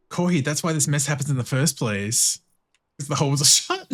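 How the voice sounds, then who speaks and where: A man's voice: fairly high pitch, fairly quick. A man streaming a video game, chatting casually, swearing often, laughing and greeting viewers in chat. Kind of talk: casual commentary while playing.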